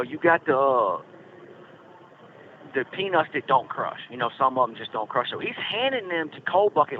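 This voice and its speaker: Brief: middle-aged man, folksy rambling storyteller, tinny phone line with faint hiss. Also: mid-range voice. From Virginia Blue Ridge foothills. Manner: rambling, folksy, lots of fillers. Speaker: podcast host calling from prison. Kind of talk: casual storytelling. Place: prison.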